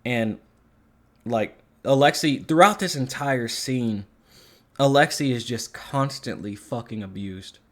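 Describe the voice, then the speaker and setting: A man talks through a film review in a loose, rambling way, full of fillers and curses. He sounds openly exasperated, and his voice sits at an ordinary middle pitch. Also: a little slow. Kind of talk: casual movie review rant.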